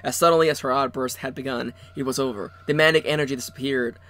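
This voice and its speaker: A man's voice: medium pitch, fairly even intonation, fast, fairly bright tone, faint music behind. A man co-hosting a game playthrough, reading the story text aloud with playful jokes. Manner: playful, jokey, mock-dramatic reading. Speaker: let's play co-host.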